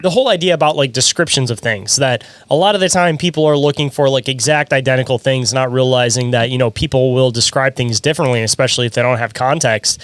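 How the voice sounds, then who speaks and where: A man's voice: mid-range voice, fast talker, few pauses, no echo. A man hosting a podcast who chats casually, rambling and hedging with many "like"s. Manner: rambling, heavy use of "like", hedging. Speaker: podcast host. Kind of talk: casual chat.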